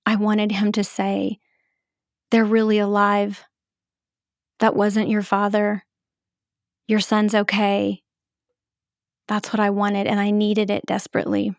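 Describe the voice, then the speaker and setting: A middle-aged woman telling her own story as a podcast host, in a measured, halting, emotional way. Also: medium pitch, completely flat delivery, dry recording, studio quality. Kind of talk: reflective personal storytelling.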